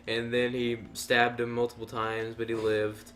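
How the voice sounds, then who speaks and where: A young man spins a silly improvised tale in a relaxed, rambling way. He keeps breaking into giggles and restarting his lines. His voice sits at an ordinary middle pitch. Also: moderate pace, background noise. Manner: rambling, giggling through absurd tales. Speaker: co-host. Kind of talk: improvised comedic storytelling.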